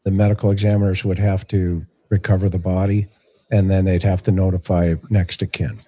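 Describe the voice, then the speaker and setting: This is a male host taking live calls, his voice sitting on the low side with a mellow, darker color. He talks in a relaxed, direct way and turns playful with his callers. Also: a little fast. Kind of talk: live call-in show hosting.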